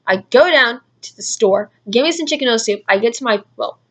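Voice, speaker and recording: Telling a story for her casual vlog, this young adult woman rambles and leans heavily on "like." She pitches on the high side, sounds expressive, and talks a little fast.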